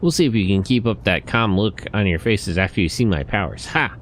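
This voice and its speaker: A man's voice: fairly low pitch, lively intonation, brisk, a little hiss or hum, natural voice. A man voicing a swaggering crime boss who coos over his cat. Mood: menacing. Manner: swaggering threats, then cooing baby talk. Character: boastful scheming male crime boss, doting on his cat.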